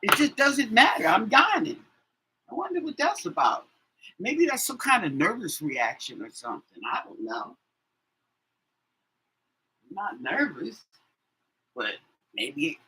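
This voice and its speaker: A woman's voice: lowish voice, very animated, normal speed, long pauses, pushed and bright, slight background noise, low-quality recording. A woman tarot reader chatting casually on a live stream, rambling with many fillers and yawning often.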